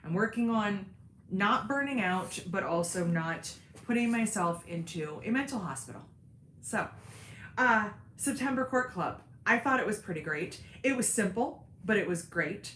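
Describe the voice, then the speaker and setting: A woman's voice: medium pitch, fairly bright tone, slight background noise. Tired woman rambling to her viewers from home, lots of ums, roomy echo. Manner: candid, self-deprecating, rambling with many "um"s. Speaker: host of a sewing and cork craft channel. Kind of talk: casual livestream chat with viewers. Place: home, seated indoors.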